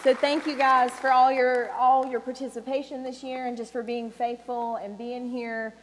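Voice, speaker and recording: A woman's voice: a little high, level tone, normal speed, some chatter behind, slight background noise. Chatty woman in a church hall. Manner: affectionate, chatty, with filler words. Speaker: children's ministry teacher. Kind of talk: casual address to a church congregation. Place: church sanctuary. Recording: reverberant church hall with congregation.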